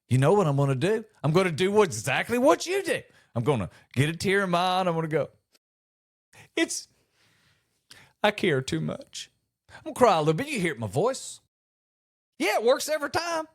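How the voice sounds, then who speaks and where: A middle-aged man with a high-sitting voice hosts a comedy podcast at a quick pace. In an animated monologue he acts out quotes with mock disbelief.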